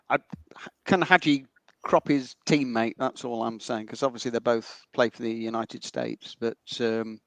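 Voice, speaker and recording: A man's voice: medium pitch, fairly even intonation, measured pace, gravelly, a bit bright, no room sound. Man musing on football, many ums. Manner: thoughtful, trails off with ums. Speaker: podcast co-host. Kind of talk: casual fan podcast chat.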